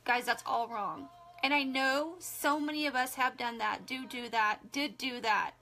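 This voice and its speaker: A high-voiced young woman chatting straight to her viewers, emphatic and quick to restart her sentences. Faint music plays in the background. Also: pushed and bright. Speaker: social media coach. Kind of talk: casual live video talk.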